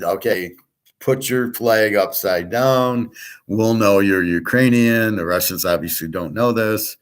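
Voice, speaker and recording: A man's voice: fairly low pitch, a bit bright. An older man hosting a show, telling a long grievance story in a blunt, profane, rambling way. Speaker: show host. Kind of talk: casual rambling monologue.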